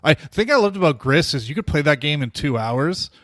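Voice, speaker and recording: A man's voice: fairly high pitch, lively intonation, brisk, a bit bright, no room sound, clean studio sound. A man co-hosting a gaming podcast, talking thoughtfully and hesitating with plenty of fillers. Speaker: podcast co-host. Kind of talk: casual podcast chat.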